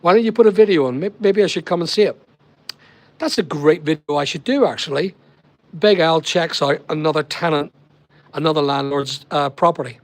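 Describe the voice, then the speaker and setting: Reading out comments on a relaxed live stream, a man from Northern Ireland rambles on and addresses viewers by name. His voice sits on the high side and is brisk, with no echo.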